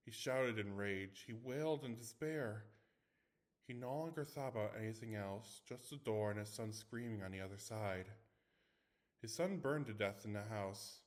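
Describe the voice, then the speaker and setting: A man reading a scary story aloud in first person, dramatic, with small stumbles. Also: medium pitch. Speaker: story reader.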